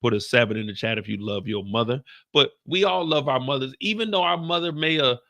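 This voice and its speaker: A man hosting a recap who tells the story in an animated way, using slang, sound effects and calls to the chat. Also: mid-range voice, a little fast, no room sound. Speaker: show recap host.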